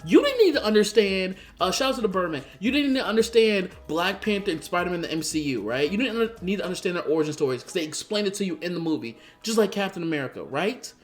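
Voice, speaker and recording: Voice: mid-range voice, big pitch swings, quick pace, hardly any pauses. A vlogger giving ranting commentary, exasperated and profane, firing off rhetorical questions. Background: faint background music.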